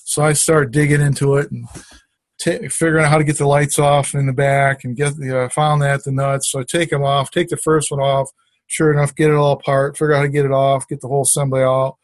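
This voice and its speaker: A man's voice: mid-range voice, level tone, brisk. A middle-aged man tells a long personal story of faith in an easygoing, rambling way, often restarting his sentences and adding asides. His voice sits in an ordinary middle range, and the sound is close and dry, with no room echo. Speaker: testimony sharer. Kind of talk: casual spoken testimony. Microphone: conference call.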